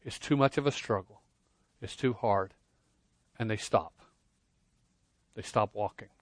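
A man preaching a sermon, earnest, swinging between loud emphasis and quiet intensity, often repeating words as he starts a phrase. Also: fairly low pitch, measured pace, no room sound. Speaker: pastor.

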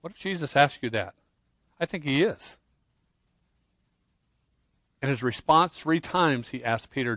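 Preaching at a normal speed in a medium-pitched voice, this pastor is earnest and the recording has no room sound. His delivery moves from loud emphasis to quiet intensity, and he often restarts phrases by repeating words.

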